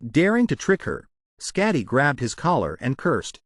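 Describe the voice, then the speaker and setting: A man narrating a comic recap in a scripted storytelling voice. His pitch rises and falls in a lively way while the delivery stays matter-of-fact, recorded dry and close. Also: unhurried, no room sound.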